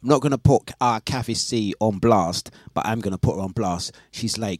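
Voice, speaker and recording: Dj bloke chatting on the morning show, laughs a lot, dry close mic. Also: male voice, fairly low pitch, normal speed, hardly any pauses, no echo. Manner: chatty, reads out listener messages, laughs often. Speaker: radio DJ and host. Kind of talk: casual breakfast radio chat.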